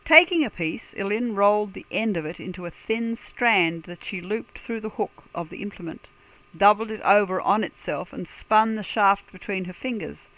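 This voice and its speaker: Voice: moderate pace, a bit bright, low-quality recording. Give me a careful storybook narrator who sings made-up words in a lilting lift. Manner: sings invented words in a lilting higher pitch. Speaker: audiobook narrator. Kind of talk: scripted fantasy narration.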